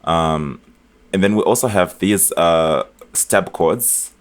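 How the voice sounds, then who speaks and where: A man explaining his music production in a casual tutorial, chatty and relaxed, with frequent fillers and restarts. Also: sits low, slow. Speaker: music producer demonstrating a beat remake. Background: beat elements playing from the project.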